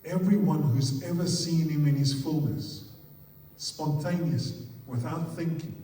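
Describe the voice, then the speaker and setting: Afrikaans-accented male pastor, unhurried and emphatic sermon delivery, distant mic in a reverberant hall. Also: on the high side, warm tone. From South Africa. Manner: emphatic, repeats words in threes, asks the audience questions. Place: church hall. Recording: echoey hall, picked up from far off.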